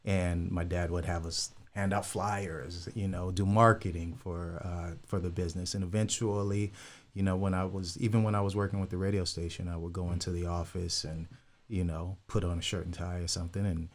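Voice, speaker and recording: An older man from California, a guest telling his story in a relaxed, rambling way with many fillers. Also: low voice, brisk. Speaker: guest, insurance broker. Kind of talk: casual interview chat.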